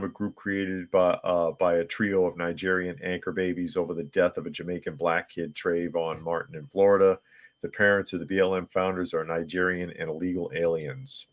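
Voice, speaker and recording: A man hosting a live podcast, reading viewer comments and news articles aloud with blunt opinions and frequent restarts. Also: deep voice. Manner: frequent restarts and filler words. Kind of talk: casual live-stream commentary.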